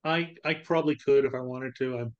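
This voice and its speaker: Animated man telling a long joke. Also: mid-range voice, fairly quick, lo-fi sound. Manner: animated storyteller, acts out voices. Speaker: podcast co-host. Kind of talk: casual podcast chat, telling a joke.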